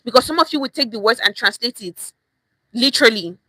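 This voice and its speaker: A woman's voice: fairly high pitch, expressive, brisk, pushed and bright, no echo. A young woman with a Nigerian accent teaching a chatty online language lesson, repeating phrases and dropping in pidgin words.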